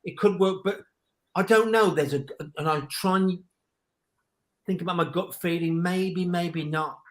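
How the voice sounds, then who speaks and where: Male panelist, slightly high voice, talks in excited, wandering bursts. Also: a little slow. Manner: excitable and rambling, jumps in. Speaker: podcast panelist. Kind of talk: casual football podcast chat.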